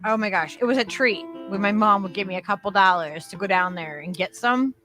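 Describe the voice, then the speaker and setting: A woman's voice: mid-range voice, a little fast, bright, forceful tone. A woman at a restaurant party, talking enthusiastically in casual chat. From lived in New York. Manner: enthusiastic, reminiscing. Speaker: podcast co-host. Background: guitar music.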